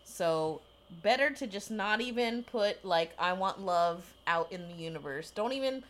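A woman's voice: mid-range voice, expressive, moderate pace. A woman co-hosting a casual movie chat, explaining the plot in a wry, sardonic way with casual swearing. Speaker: podcast co-host.

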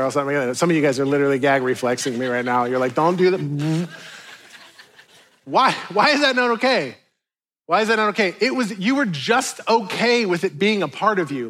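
A man's voice: on the high side, a bit bright. A middle-aged man preaching a sermon to a congregation in a church, conversational and joking, with playful asides to the listeners. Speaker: pastor.

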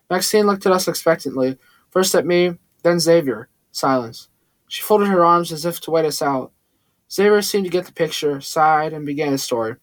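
A man narrating a first-person audiobook in a plain, steady storytelling manner. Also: fairly high pitch, no room sound.

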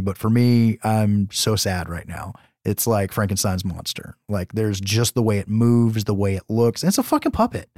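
A man with a lowish voice tells a movie's story on a podcast, swearing freely and getting animated. The sound is dry and close. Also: dry recording. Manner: profane, animated movie recapping. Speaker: podcast co-host. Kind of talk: casual chat.

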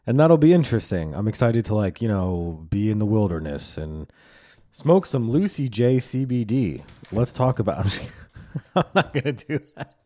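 A man's voice: lowish voice, dark tone. A man hosting his own podcast, talking alone in a rambling, loose way, swearing and laughing often. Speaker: podcast host. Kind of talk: casual solo podcast monologue.

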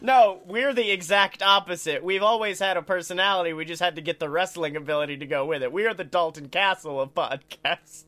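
A man co-hosting a wrestling podcast in casual chat, joking and laughing loudly, slipping into playful ad reads. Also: high-pitched, brisk, few pauses, a little hiss or hum. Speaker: podcast co-host.

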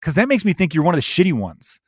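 A man's voice: on the high side, big pitch swings, fast, husky, no room sound. Comedian guy ranting on his podcast, swears a lot, goes off on tangents, dead dry sound. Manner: profane, ranty, digressive.

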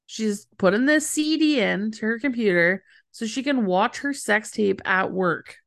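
A young woman with a mid-range voice, co-hosting a relaxed recap show. She laughs often and agrees readily, and she sounds dry and close. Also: medium pitch, creaky, dry recording. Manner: giggly, quick to agree. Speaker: podcast co-host. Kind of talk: casual chat recapping a TV episode.

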